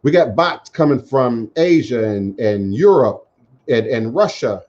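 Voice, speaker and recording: A man talks to his radio audience in a measured, emphatic monologue. He stacks lists and repeats phrases for weight. The audio is muffled and lo-fi, like internet talk radio. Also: mid-range voice, lively intonation, darkish tone. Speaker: radio show host.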